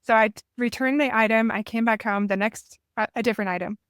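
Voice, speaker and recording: Podcast guest, woman, reflective storyteller with a smooth, clear voice and a close, dry sound. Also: fairly high pitch, steady tone, fast talker, a bit bright, no room sound. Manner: candid, reflective, self-deprecating. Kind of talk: conversational storytelling.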